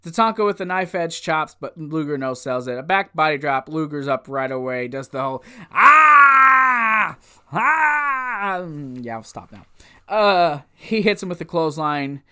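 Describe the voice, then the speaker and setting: A man giving a casual, rambling recap of an old wrestling event, easily excited and laughing often as he goes. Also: on the high side, moderate pace, clear, resonant tone. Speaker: wrestling show reviewer.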